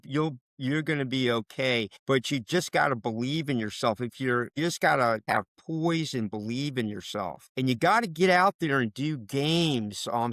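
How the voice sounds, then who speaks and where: In a dry recording, a middle-aged man from the DC area, a basketball official, gives coaching advice during an interview. His medium-pitched voice is a bit bright, and he stresses his main points emphatically, repeating them.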